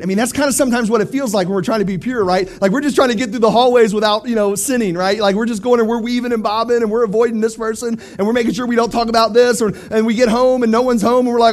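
A man giving an animated youth sermon, talking straight to teenagers and swinging from hushed to loud. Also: extremely high pitch, fast. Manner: addresses teens directly. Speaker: youth pastor.

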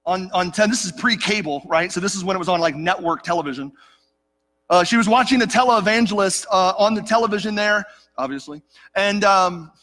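In a church sanctuary with long, echoing reverb, a middle-aged pastor preaches in a high-pitched, bright, forceful voice. He earnestly recounts a personal story, speaking to the congregation as "church."

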